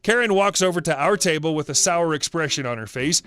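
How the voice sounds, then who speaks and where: Man narrating a story with lively pitch. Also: brisk, clean tone. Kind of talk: scripted narration.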